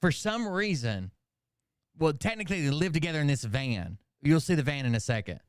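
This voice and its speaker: Man, casual reaction commentary, rambling and profane, smooth resonant voice, dry close sound. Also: fairly high pitch, big pitch swings, fairly quick, no room sound. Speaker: commentary channel host.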